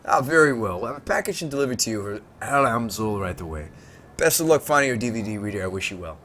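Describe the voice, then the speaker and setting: A man's voice: on the low side, animated, quick pace, a bit bright, slight background noise. Man playing a courteous dwarf shopkeeper woman. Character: polite female dwarf shopkeeper.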